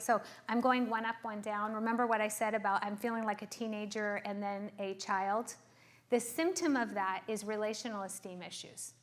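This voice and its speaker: Middle-aged woman therapist, slightly high voice, earnest explainer who keeps checking in with her audience. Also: fairly bright tone. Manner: earnest, checks in with frequent rhetorical questions.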